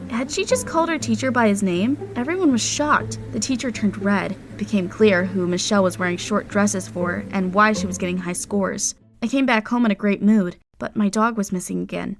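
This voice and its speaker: A woman's voice: medium pitch, noisy background. A woman narrating a dramatic first-person storytime. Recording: music playing behind.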